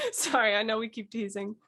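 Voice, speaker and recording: A woman's voice: fairly high pitch, fairly bright tone, husky. A woman appearing as a podcast guest in casual chat. She is playful, laughs easily and talks with a lot of "like" fillers.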